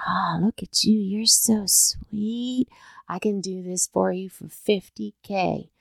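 A woman's voice: medium pitch, takes it slowly, fairly bright tone, clean tone, dry recording. A sleazy male contractor who flirts to close the deal, oily and whispery, with an exaggerated put-on accent, as a woman acts him out. It sounds close and dry, with no room sound. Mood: sleazy flirting.

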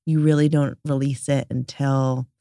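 A woman's voice: extremely low pitch, level tone, measured pace, dry recording, clean studio sound. A woman hosting a wellness interview podcast, chatty and enthusiastic, often saying "like". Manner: warm, enthusiastic, says "like" often. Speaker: podcast host. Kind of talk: casual interview chat.

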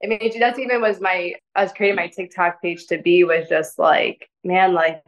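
A woman speaks as a guest on a podcast, her voice sitting a little low. Her talk is gentle and soft-spoken but rambling, packed with "like" and "you know" as she works through her thoughts. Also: steady tone, normal speed, highs cut off. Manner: rambling, filler-heavy with frequent "like". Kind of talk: casual interview conversation.

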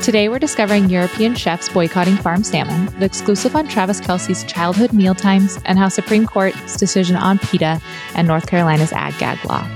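A woman's voice: mid-range voice, fairly quick, over music. A woman from Nebraska co-hosting a casual food and farming podcast, with dry, teasing humor. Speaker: podcast co-host.

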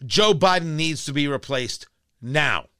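A man's voice: on the high side, expressive, a little slow, pushed and bright, clear, resonant tone, no echo. A man hosting a political talk show, ranting in a combative, scornful opinion monologue.

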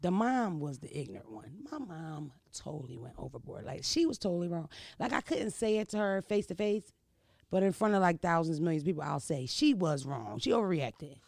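A man telling a crude, animated comedic story, full of rhetorical asides to his listeners. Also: a little high, a little fast, vocal fry, dry recording, clean studio sound.

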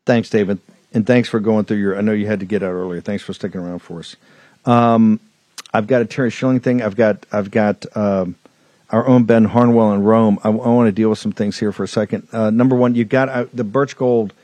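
A man's voice: on the low side, fairly even intonation, brisk, mellow, no echo. Male talk host, fiery and emphatic, hammering points home, dry studio mic. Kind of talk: political talk show commentary.

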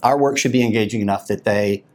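A man's voice: lowish voice, fast. Male podcast guest, assured and articulate, dry wit. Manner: deadpan joking, then confident and articulate. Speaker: creative director, guest. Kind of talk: casual podcast interview.

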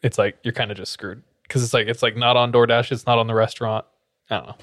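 A man's voice: medium pitch, flat delivery, a bit bright, no echo. Jokey man, dry close sound. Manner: jokey, quick reactions. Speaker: podcast co-host. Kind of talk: casual chat.

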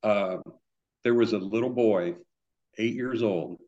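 A fairly low-pitched man spins casual anecdotes, acting out the voices of the people in them. His audio is dull and lo-fi, as if from a remote call. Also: slow pace. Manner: animated anecdotes with acted-out quotes. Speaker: guitar builder guest. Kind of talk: casual storytelling.

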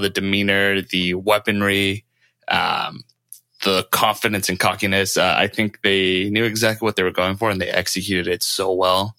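Deep, bright-voiced man co-hosting. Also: no echo. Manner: enthusiastic, hyped, slangy. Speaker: podcast co-host. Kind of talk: casual podcast chat.

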